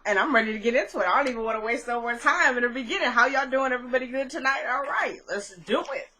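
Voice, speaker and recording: Young woman doing a casual tv recap vlog, animated, lots of "like", bright edgy tone. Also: on the high side, fast talker, poor audio. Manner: chatty, animated retelling with many fillers. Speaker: TV episode reviewer.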